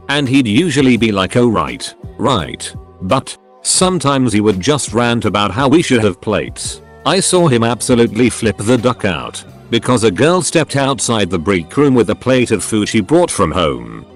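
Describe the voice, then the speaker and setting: Lively low-voiced male story narrator. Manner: lively storytelling, acts out customers' lines. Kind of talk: scripted narration of online stories. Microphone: studio voice-over mic. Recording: faint background music.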